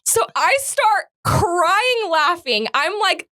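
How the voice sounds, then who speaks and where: A woman's voice: very high-pitched, takes it slowly, no echo, studio quality. A woman co-hosting a podcast, telling a story with acted-out quotes and frequent laughter in casual chat. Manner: animated storyteller acting out quotes, laughs often. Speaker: podcast co-host.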